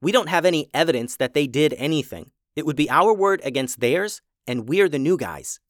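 A woman's voice: low-pitched, animated, a little fast, dry recording, studio quality, voice pushed up. A man voicing a determined young woman chef who talks earnestly but gets fed up and bossy. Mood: plotting.

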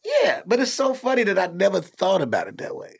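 A man, a comedian and dad hosting a podcast, telling stories in a casual, animated way with plenty of cursing. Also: high voice, fairly quick, creaky, slightly rough. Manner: animated storytelling, cursing freely. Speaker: podcast host; comedian and father.

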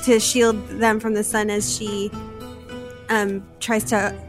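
A woman's voice: mid-range voice, level tone, slow pace, music in the background. A woman playing a tabletop game, describing her character's moves in a hesitant way. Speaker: player.

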